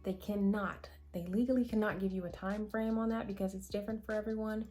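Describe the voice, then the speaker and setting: A woman chats candidly to her camera in a middle-pitched voice. She rambles, corrects herself and slips into asides. Soft music plays faintly underneath. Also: fairly even intonation, fairly quick. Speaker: vlogger answering viewer questions. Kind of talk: casual chat to camera.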